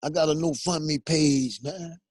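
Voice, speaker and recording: An older man speaks earnestly, his voice sitting somewhat high. He keeps circling back with "man" and "you understand." The sound is close and dry. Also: fairly even intonation, a little slow, a little mellow, no echo. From United States. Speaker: guest, exoneree. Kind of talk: emotional phone interview.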